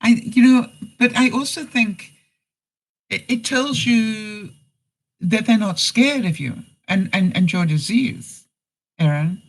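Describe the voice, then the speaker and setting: Man, high voice, folksy live-stream storyteller, talks to chat by name. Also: slow, low-quality recording. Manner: folksy, addresses commenters by name, frequent "you know". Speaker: vlogger answering live chat.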